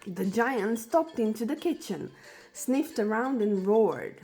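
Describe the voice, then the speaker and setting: A woman reading a fairy tale aloud for children as a storyteller, in a slow and deliberate way. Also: fairly high pitch, lively intonation, dark tone, faint music behind.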